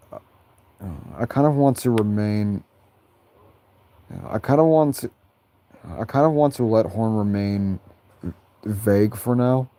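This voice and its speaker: A man casually answering viewer questions about his characters on a livestream, halting and repeating phrases, often breaking into high laughter. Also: mellow, no room sound.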